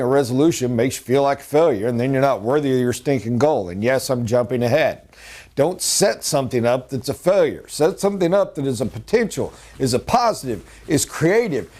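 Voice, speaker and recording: A man's voice: fairly high pitch, a little mellow. A middle-aged man giving a rambling, earnest motivational talk as a sales trainer.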